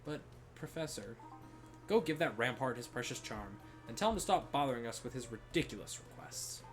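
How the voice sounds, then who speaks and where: A man voicing an eccentric old male professor who loves explosions, talking in a booming, gleeful, theatrical way, sounding distant with faint music behind. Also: expressive, brisk, natural voice. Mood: pompous.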